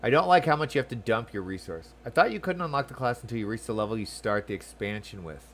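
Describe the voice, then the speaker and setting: Chatty, excitable male game streamer. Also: mid-range voice, quick pace, slight background noise. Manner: chatty and excitable, reads game text aloud. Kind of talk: let's-play commentary.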